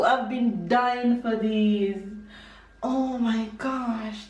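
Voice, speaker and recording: A young woman chatting casually as a vlogger, gushing and excitable. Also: fairly high pitch, extremely slow, reverberant. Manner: bubbly, gushing, squealing with excitement. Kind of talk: casual vlog chat. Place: home, then outdoors in a town.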